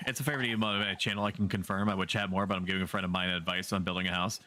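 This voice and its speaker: A man's voice: low voice, flat delivery, racing, sharp tone. A man livestreaming a game, chatting casually with his viewers, joking and swearing freely. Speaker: streamer.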